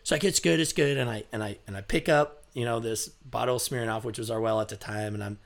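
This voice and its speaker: A man's voice: lowish voice, steady tone, fast. A man telling a bartending story in casual chat, full of fillers and bursts of laughter.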